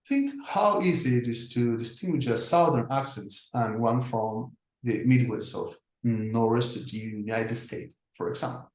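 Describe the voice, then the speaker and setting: A man teaching a lesson, talking through slides deliberately with frequent pauses and fillers. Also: medium pitch. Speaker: English teacher. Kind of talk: slow explanatory lecture over slides. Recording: echoey room.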